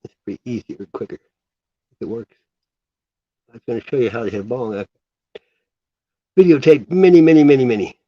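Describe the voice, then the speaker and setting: A man's voice: medium pitch, animated, brisk, pauses often, husky, no room sound, highs cut off. A man vlogging in a casual, rambling, incredulous way. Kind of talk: casual chat.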